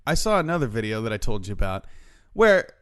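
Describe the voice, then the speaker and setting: A man's voice: on the low side, a little fast, clean tone. A man co-hosting a podcast, telling stories in casual chat and swearing a lot. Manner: animated storytelling, heavy swearing. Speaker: podcast co-host.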